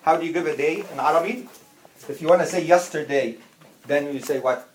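A teacher leads a classroom lesson, going over each word patiently and saying it again and again. The voice sits at an ordinary middle pitch. It carries the echo of a roomy classroom with a faint hiss behind it. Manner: patient, repeats words slowly and often. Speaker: Arabic teacher.

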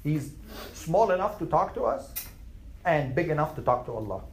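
A man's voice: a little high, animated, normal speed, roomy sound, a little hiss or hum, low-quality recording. A man teaching a class, asking questions and summarizing points in numbered lists. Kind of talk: classroom Q&A lesson.

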